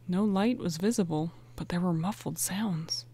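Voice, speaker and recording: A woman narrating a storybook in a clear, even way. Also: lowish voice, normal speed. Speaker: audiobook narrator.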